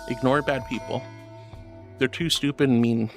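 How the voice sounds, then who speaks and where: A VTuber streamer chatting with viewers live, affectionately calling them honey and sweetheart, moving between soft reassuring advice and high excited thanks. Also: moderate pace, long pauses. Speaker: VTuber livestreamer. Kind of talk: casual livestream chat reading and pep talk. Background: faint music.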